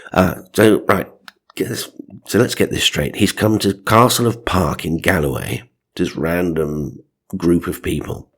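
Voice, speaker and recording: Low-voiced man, dry sardonic comic narrator, wry asides. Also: measured pace, fairly bright tone, breathy edge.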